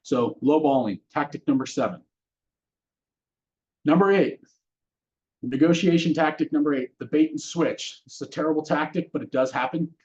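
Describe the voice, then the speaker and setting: A man's voice: a little high, normal speed, pauses often, a little mellow, lo-fi sound. A man teaching a real estate course in a casual lecture style, often putting questions to his audience. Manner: conversational, asks the audience questions. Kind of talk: classroom lecture.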